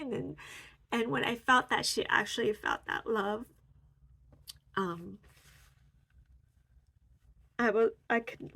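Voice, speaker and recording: A woman in her own home office, softly and warmly sharing a personal healing experience with many fillers. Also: fairly high pitch, a little slow, creaky, pauses often, husky. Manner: soft, heartfelt, with many fillers. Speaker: spiritual vlogger. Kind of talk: casual reflective sharing.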